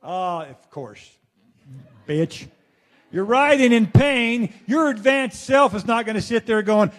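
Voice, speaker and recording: A man delivering a rambling spoken monologue to listeners, animated and swearing freely, acting out exclamations as he goes. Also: high-pitched, slow. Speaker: speaker addressing his listeners.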